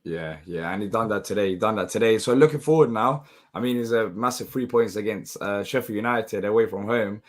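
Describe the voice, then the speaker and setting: A man hosting a casual football talk show, relaxed and steering the questions. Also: lowish voice, brisk, hardly any pauses. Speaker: podcast host. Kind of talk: casual match discussion.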